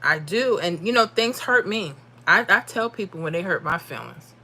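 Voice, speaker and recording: A woman's voice: on the low side, animated, moderate pace, bright, forceful tone, slight background noise. A woman hosting a casual livestream, chatting animatedly and reading out viewer comments and lottery numbers. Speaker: livestream host.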